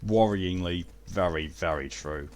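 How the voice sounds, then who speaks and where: A man casually chatting while streaming a game, relaxed and swearing now and then. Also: low-pitched, a little slow, a little hiss or hum. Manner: laid-back, swears casually. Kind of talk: casual gameplay commentary.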